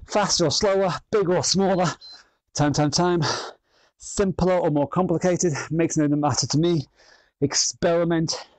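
A male fitness instructor runs an online class at home, cheerfully counting down each round and urging people to push themselves. His voice sits a little higher than most men's, and the recording is close and dry with no room echo. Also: fairly even intonation, measured pace. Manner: upbeat, encouraging, counting down rounds.

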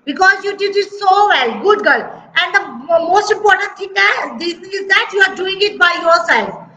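A woman's voice: very high-pitched, lively intonation, moderate pace, bright, forceful tone, a little hiss or hum. A woman teaching preschoolers in an online class, praising them in a sing-song, exaggerated way over a video call. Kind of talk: online class for small children. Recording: dull, echoey video-call audio.

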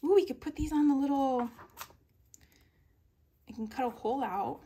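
Young woman showing off a sticker haul, kinda high voice, giggles a lot, reads every caption out slow. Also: mellow, slight background noise. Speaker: papercraft vlogger. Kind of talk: casual craft haul show-and-tell.

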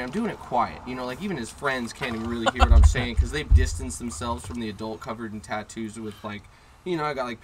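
A man hosting a podcast, telling a story in a profane, sarcastic, animated way. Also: medium pitch, slight background noise. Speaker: podcast host. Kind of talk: casual storytelling chat. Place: in a car.

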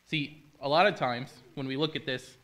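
A man giving a relaxed, humorous sermon. His voice is bright and forward, and he keeps turning to jokey asides. His pitch sits in an everyday middle range. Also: moderate pace. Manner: chatty, jokey storyteller with asides. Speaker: pastor. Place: church.

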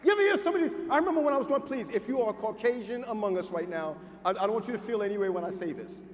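A man with a high-pitched voice delivers a sermon from a pulpit. His delivery is emphatic and informal, with shouted peaks. Long reverb from a large hall hangs on every line, with faint noise underneath. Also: animated. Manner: emphatic, preaching with shouted peaks and slowed lines; informal, addresses crowd as y'all. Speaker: pastor.

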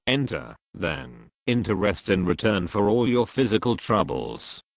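A man reading the words of the Holy Spirit praising a knight, slow and solemn. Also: on the low side, very animated, creaky, no echo, studio quality, heavily acted. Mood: tender.

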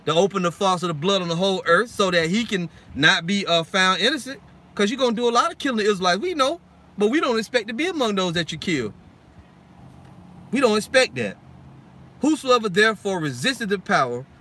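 A man's voice: high voice, sharp tone. A man preaching an informal sermon and reading scripture, blunt and heated, swearing often and ending lines with "man.". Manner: heated, blunt and profane, keeps adding "man".

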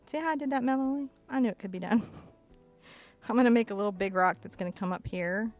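A woman's voice: medium pitch, brisk, soft background music. A woman teaching a casual step-by-step acrylic painting lesson in a chatty, playful way, narrating her brushwork as she goes. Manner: chatty, playful, talks to herself while painting.

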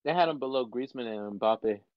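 A man chatting casually about sports as a co-host, relaxed and swearing now and then. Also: mid-range voice, normal speed, dry recording. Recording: slightly muffled dry mic.

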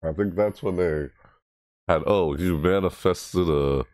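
A man hosting a casual reaction video, rambling excitedly about a game trailer. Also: a little slow, dry recording, studio quality. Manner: excitable, rambling, mimics game voices in high yelps.

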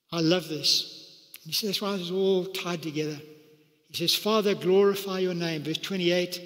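A man delivers a sermon in a high-pitched voice. He preaches with animated energy and leaps into a higher register to act out the quoted lines. The sound rings with the long reverb of a large church hall. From South Africa. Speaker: pastor.

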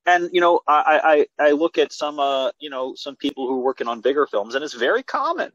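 Man, filmmaker guest, excited rambling with restarts, dull lo-fi video call audio, dry sound. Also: on the high side, fairly quick, no room sound. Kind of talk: casual interview talk.

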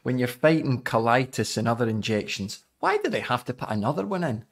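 A man's voice: mid-range voice, sing-song, fairly quick. A Scottish man in his forties, a cycling coach giving a jokey, chatty live podcast talk to his viewers.

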